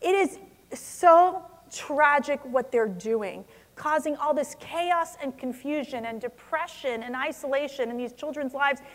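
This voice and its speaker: This conference speaker has a high-pitched voice and a measured pace. She addresses the audience passionately, pressing firmly on words and building to strong stresses, while the large convention hall gives her a long reverb.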